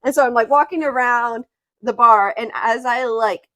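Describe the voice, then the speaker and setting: Woman in her 20s, bit high voice, chatty and laughing, dry close sound. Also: bright, forceful tone, no echo. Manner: chatty, laughs along, talks in a run of quick asides. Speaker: vlogger. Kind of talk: casual chat.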